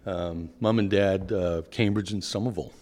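A man's voice: deep voice, fairly even intonation, moderate pace, dark tone, big-room sound, a little hiss or hum. An older man with a Boston accent, talking through his career as an interview guest, rambling with restarts and plenty of enthusiasm. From Boston area. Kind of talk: conversational interview.

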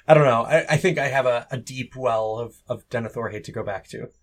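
A man's voice: medium pitch, fairly quick. A man co-hosting a podcast, chatting casually with wry, joking asides. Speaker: podcast co-host. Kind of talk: casual chat.

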